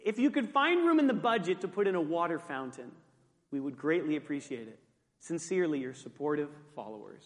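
A man's voice: a little high, sing-song, brisk, big-room sound. Mock-polite complaint letter, as a man puts it on. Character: polite grumbling Israelites writing a note, group.

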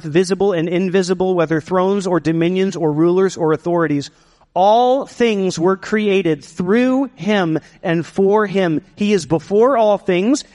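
A man with a high voice preaches a sermon, his words ringing through the long reverb of a big hall. He builds emphasis with drawn-out pauses and slips in playful asides to the congregation. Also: darkish tone. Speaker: pastor.

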